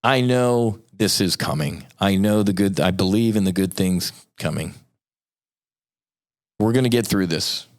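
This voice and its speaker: A man's voice: deep voice, unhurried. Fired-up, foul-mouthed man ranting. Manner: profane, fired-up, rambling, with sarcastic asides. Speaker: nonprofit founder, podcast guest. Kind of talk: impassioned podcast rant.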